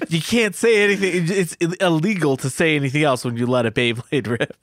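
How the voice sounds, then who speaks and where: A man's voice: fairly high pitch, very animated, measured pace, a bit bright, no echo, clean studio sound. Sheepish, laughing man at the gaming table. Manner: sheepish, laughs while explaining. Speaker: tabletop game player. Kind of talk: casual chat introducing a character.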